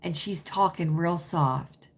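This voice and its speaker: Speaking slowly in a fairly low-pitched voice, a woman hosts a casual livestream, chatting and responding to viewer comments in an emphatic, repetitive and opinionated style.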